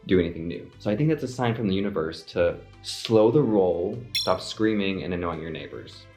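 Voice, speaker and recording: A man's voice: sits low, normal speed, darkish tone. A young man chatting casually to camera as a vlogger, rambling with lots of fillers. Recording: echoey room with faint music.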